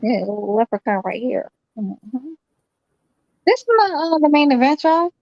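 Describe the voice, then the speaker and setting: Blunt, high-voiced woman co-host. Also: sing-song, measured pace, no room sound, highs cut off. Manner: blunt, loud, swearing, slangy. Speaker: boxing stream co-host. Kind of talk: casual live commentary chat.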